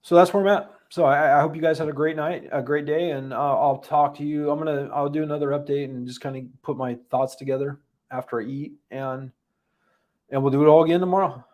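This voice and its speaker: A man hosting a livestream recap, talking unscripted, halting and emotional with many restarts, audibly holding back tears. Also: fairly high pitch, steady tone, darkish tone. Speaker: livestream host giving a daily recap.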